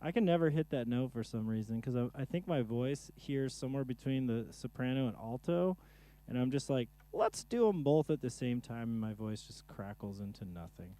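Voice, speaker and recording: A man's voice: mid-range voice, lively intonation, normal speed, warm tone. A man casually chatting to himself during a live music stream, rambling and joking while he troubleshoots his gear in a home studio.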